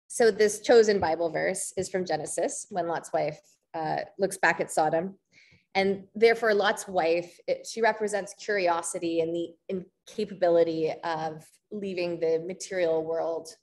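A Canadian woman in her thirties giving an artist talk, pausing often with ums and restarts. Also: lowish voice, fairly even intonation. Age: 30s. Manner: hesitant, frequent ums and restarts. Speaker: visual artist.

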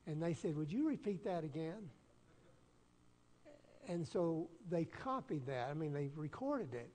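A pastor with a Southern US accent, preaching an earnest, folksy sermon and telling personal stories with self-deprecating humor. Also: male voice, a little high, lively intonation, unhurried, long pauses, darkish tone. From Southern United States. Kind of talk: storytelling sermon. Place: church sanctuary. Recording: long church-hall reverb.

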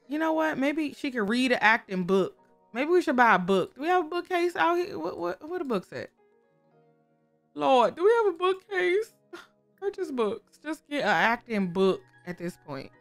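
Playing a life-sim game, this woman keeps up relaxed, talkative let's-play commentary and frequently addresses the on-screen characters. As a gaming creator, she speaks with a fairly high, slightly bright voice.

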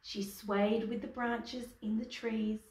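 A woman reading a picture book aloud to children, pausing to ask the young listener questions. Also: a little high, level tone, darkish tone. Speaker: storyteller. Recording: echoey room, distant mic.

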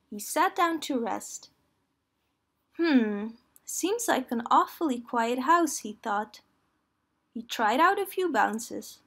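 A woman reads a children's story aloud in a gentle, clear manner. Her voice sits fairly high and her pace is slow and unhurried, suited to young listeners.

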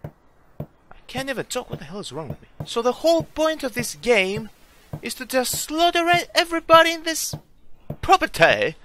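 A young man playing a horror game, talking to himself, swearing and yelling as jump scares hit. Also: very high-pitched, sing-song, moderate pace, slight background noise. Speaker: gaming YouTuber. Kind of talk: horror game let's play commentary.

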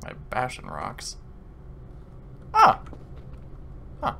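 A young man chatting casually while playing a game, excitable, swearing and laughing often. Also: mid-range voice, drawn-out words, vocal fry, a little hiss or hum. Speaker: gaming streamer. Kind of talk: casual gameplay chat. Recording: keyboard clicks and typing behind.

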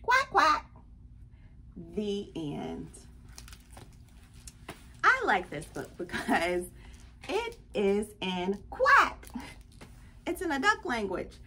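A woman's voice: mid-range voice, wildly swooping pitch, takes it slowly, pushed and bright, a little hiss or hum. A woman leading a children's storytime, playful and talking straight to the kids. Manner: playful, addresses children directly. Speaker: children's librarian. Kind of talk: storytime read-aloud.

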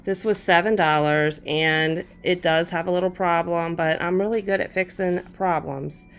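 A woman's voice: on the low side, fairly even intonation, moderate pace, faint music behind. A woman, chatting fondly as she shows off her shopping haul and talks to her cat. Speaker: crafting channel host. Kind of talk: casual haul show-and-tell.

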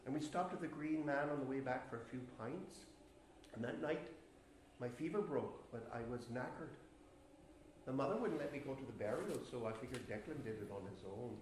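A man's voice: mid-range voice, lively intonation, normal speed, darkish tone, reverberant, a little hiss or hum, close to an everyday voice. A young actor playing a rural Irishman who tells a ghost story in a rambling, chatty way with nervous laughs, on a live stage. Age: young adult. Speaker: actor in a college play. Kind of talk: stage monologue. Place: theatre stage, live performance.

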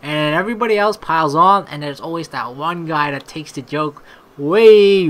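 Chatty and profane, a woman narrates a let's play, reading the game's text out loud and cracking up at her own gags. She speaks in a low-pitched voice at a moderate pace.

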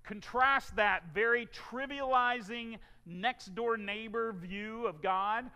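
High, bright-voiced preaching man. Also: slow pace, gravelly, in a large hall. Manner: emphatic preaching, rising and falling for stress. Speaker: pastor. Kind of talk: sermon. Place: church.

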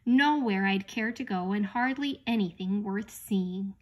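Woman doing a gloomy young boy in a storybook, sighing and grumbling, mid pitch. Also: a little slow, natural voice. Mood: glum. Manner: sulky, complaining.

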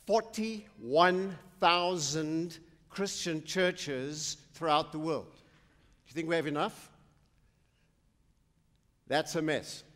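A pastor preaching a sermon, slow and emphatic, quizzing the congregation. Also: male voice, high-pitched. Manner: slow, emphatic preaching with call-and-response questions. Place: church sanctuary. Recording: long church hall reverb.

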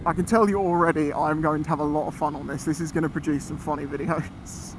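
A man talking casually as he rides a motorcycle, chatty and excitable, often exclaiming. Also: a little high, fast. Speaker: motorcycle vlogger. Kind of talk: casual ride commentary. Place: outdoors on a moving motorcycle. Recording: loud wind and engine noise.

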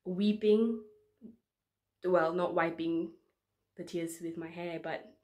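A woman's voice: lowish voice, slow pace. A young woman in her twenties, a medical student preaching, telling a personal testimony in an earnest, emotional way, acting out her prayers with feeling. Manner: earnest, emotional storytelling with lively quoted prayers. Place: church online service recording.

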